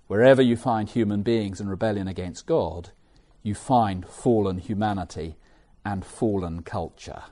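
Middle-aged English preacher, mellow warm voice, animated conversational sermon delivery. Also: male voice, on the low side, moderate pace, hardly any pauses. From England. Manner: animated, conversational, with self-mocking asides.

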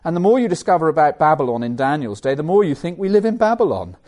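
Middle-aged English preacher, mellow warm voice, animated conversational sermon delivery. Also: male voice, on the high side, fast talker. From England. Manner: animated, conversational, with self-mocking asides.

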